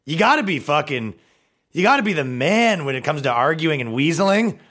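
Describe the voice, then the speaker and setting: A man's voice: a little high, big pitch swings, brisk, fairly bright tone. A man hosting a comedy podcast, ranting in a profane, mocking way and slipping into silly put-on voices. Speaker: podcast host.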